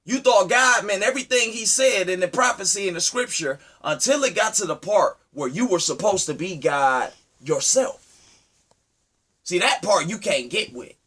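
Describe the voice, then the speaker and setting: A man delivering an impassioned, preachy monologue, firing rhetorical questions at his listeners and swinging from loud to low. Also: expressive, moderate pace, slightly rough. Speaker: speaker addressing his community.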